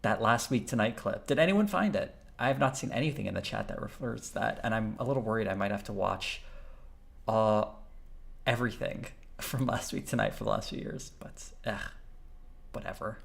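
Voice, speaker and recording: A man's voice: lowish voice, steady tone, normal speed, vocal fry, a bit bright. A man streaming live, chatting and reacting in a rambling, amused way.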